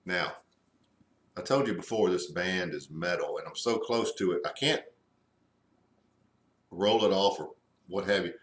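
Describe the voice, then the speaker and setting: Deep-voiced guy doing a cigar review, slow and halting, lots of ums, echoey room. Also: fairly bright tone. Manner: slow, halting, with many fillers. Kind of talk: casual review.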